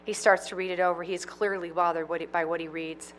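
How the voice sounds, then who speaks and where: Playwright reading stage directions, woman, bright voice, measured. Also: fairly low pitch, level tone, slight background noise. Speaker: playwright reading her play. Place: conference reading.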